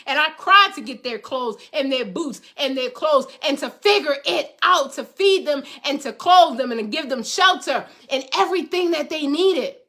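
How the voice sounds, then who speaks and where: A woman's voice: high-pitched, sharp tone. A middle-aged woman host giving an emphatic motivational talk to viewers, repeating phrases for rhythm like a preacher. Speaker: host, life coach.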